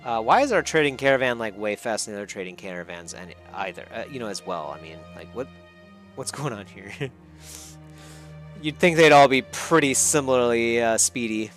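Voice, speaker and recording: A man's voice: medium pitch, lively intonation, a little fast, a bit bright. A man giving casual let's play commentary as he plays, chuckling and rambling. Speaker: gamer. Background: faint music.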